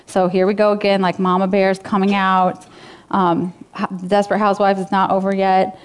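Smooth-voiced woman preaching casually. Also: medium pitch, level tone, moderate pace. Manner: casual, conversational preaching with fillers. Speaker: pastor. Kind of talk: sermon.

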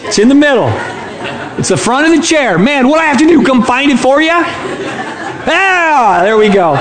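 A man's voice: fairly high pitch, reverberant. A man from Michigan preaching a sermon in a church sanctuary, playful and chatty, teasing the congregation. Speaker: pastor.

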